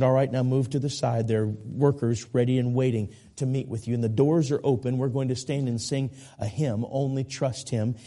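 A man preaching a sermon in church, telling a story slowly and with emphasis before a fervent altar call. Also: medium pitch, warm tone. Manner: slow, emphatic storytelling, rising to fervent appeals. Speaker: pastor. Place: church sanctuary.

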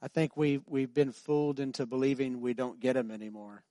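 A man preaching a sermon, telling a story and building to loud, emphatic preaching. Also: mid-range voice, a little fast, no room sound, clean studio sound. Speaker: pastor.

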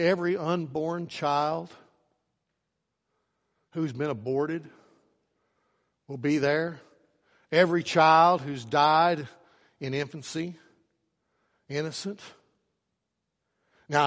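Preacher, male, fairly high-voiced, emphatic pulpit delivery, long church reverb. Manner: emphatic preacher, rising to loud urgent questions. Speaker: pastor. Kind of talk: sermon.

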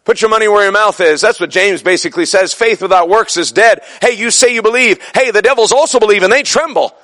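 Fervent high-voiced male preacher. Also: quick pace. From son of a Brooklyn man. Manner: fervent, rising to shouted peaks. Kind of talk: sermon.

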